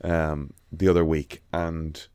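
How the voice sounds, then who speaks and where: A man's voice: very deep voice, flat delivery, takes it slowly, darkish tone, smooth, no echo. An Irish man co-hosting a podcast in casual chat, rambling and swearing freely with lots of restarts. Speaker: podcast co-host.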